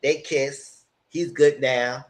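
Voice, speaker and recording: A man giving a casual live recap of a reality dating show, animated and slangy, with mocking asides to the contestants. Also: medium pitch, slow pace. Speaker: reality TV reviewer.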